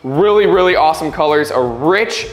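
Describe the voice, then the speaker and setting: A man with a fairly high voice shows off fish in an enthusiastic, gushing vlog style, often repeating himself. His voice rings in a roomy, echoey space. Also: expressive, normal speed. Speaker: fish channel host. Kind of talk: casual upbeat vlog chat.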